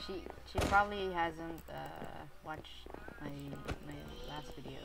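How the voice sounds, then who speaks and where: A woman with a light, thin voice giving casual, excitable commentary over her own gameplay. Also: low voice, slow, vocal fry, over loud music. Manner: excitable, chatty, bursts into laughter and cheers. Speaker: gaming YouTuber.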